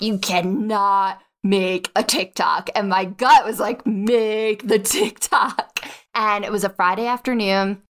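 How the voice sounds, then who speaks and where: A woman's voice: mid-range voice, fairly bright tone. A young adult woman, a podcast guest, telling her story in a casual interview and acting out her own past dialogue.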